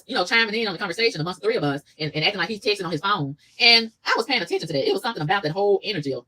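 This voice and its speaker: Fast-talking husky woman venting. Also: medium pitch, low-quality recording. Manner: animated, profane, indignant. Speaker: vlogger. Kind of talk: casual venting storytime.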